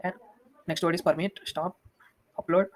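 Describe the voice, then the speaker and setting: A young man walking through a software demo, talking quickly with many restarts. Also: a little high, low-quality recording. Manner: fast, flat, with frequent restarts and fillers. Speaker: student presenting a project demo.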